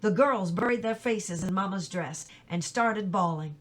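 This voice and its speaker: A woman reading a novel chapter aloud in plain, steady storytelling, with small slips she corrects as she goes. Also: medium pitch, measured pace, slight background noise. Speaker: reader.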